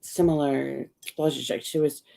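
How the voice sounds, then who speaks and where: Low-voiced woman chatting on a livestream. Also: flat delivery, unhurried, creaky, mellow. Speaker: co-host. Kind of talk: casual livestream chat.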